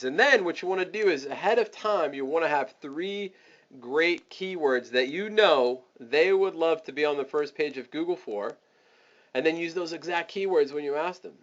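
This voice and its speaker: A man teaching a webinar, giving energetic step-by-step sales coaching and acting out the scripts for his listeners. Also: a little high, moderate pace, highs cut off. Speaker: online marketing coach.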